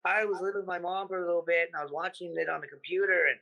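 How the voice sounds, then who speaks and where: A man from the United States, a comedian guest in a casual interview, talking in an animated, profane way and acting out his stories. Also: high-pitched, rapid-fire, gravelly, poor audio.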